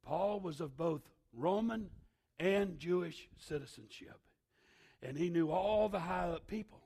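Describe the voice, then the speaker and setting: A male pastor preaching a sermon, emphatic, swinging from shouted lines to hushed asides. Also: sits high, expressive, a little slow, slightly rough.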